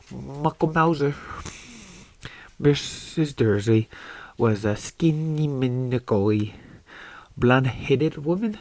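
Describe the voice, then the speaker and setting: A man voicing a clumsy mock-Scottish storybook reader in an attempted Scottish accent, stumbling and halting through the text. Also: medium pitch, a little mellow, no room sound. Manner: stumbling, halting reading aloud. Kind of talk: reading a book aloud in a put-on accent.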